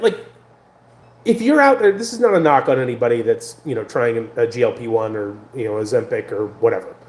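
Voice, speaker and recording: An American man talking to the camera in a casual vlog, rambling and animated, with many fillers and restarts. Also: on the high side, echoey room. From United States. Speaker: vlogger.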